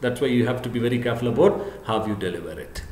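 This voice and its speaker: A male professor giving an earnest lecture to camera, repeating his points and often pausing on "what you call". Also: mid-range voice, animated, a little mellow, a little hiss or hum. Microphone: camera, speaking to camera. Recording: echoey room.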